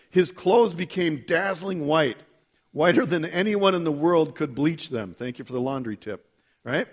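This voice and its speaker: Male pastor, sermon, conversational, animated, slightly high voice. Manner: animated, conversational, asks the listeners "right?".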